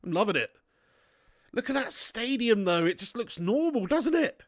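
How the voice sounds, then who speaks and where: Chatty guy hosting a football watch-along, jokey rambling banter, slightly high voice, dry sound. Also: very animated, moderate pace, no echo. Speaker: livestream host reading viewer chat.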